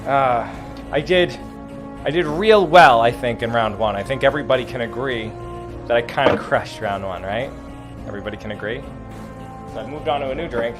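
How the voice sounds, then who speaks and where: A man's voice: mid-range voice, moderate pace. A man hosting a casual livestream, joking and teasing himself while carving pumpkins a little tipsy. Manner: joking, self-mocking, playful. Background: music.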